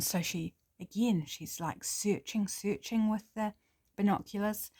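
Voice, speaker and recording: A woman's voice: mid-range voice, measured pace, darkish tone. Chatty New Zealand woman telling a story. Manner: chatty, with fillers and self-corrections. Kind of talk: casual improvised storytelling.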